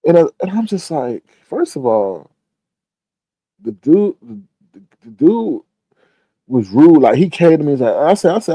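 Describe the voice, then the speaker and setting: A man hosts a casual live stream and talks straight to his viewers. His voice swoops up and down with a lot of life, and he often breaks into excited exclamations. The tone is warm and dark, and the sound is close and dry. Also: fairly high pitch, unhurried, long pauses, dry recording, rough recording.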